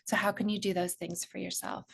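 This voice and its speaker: An earnest woman gives a reflective talk at an online gathering. She asks one gentle question after another in an ordinary, mid-range voice, heard over a video call. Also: mid-range voice, flat delivery, fairly quick, creaky, husky. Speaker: speaker at a virtual gathering.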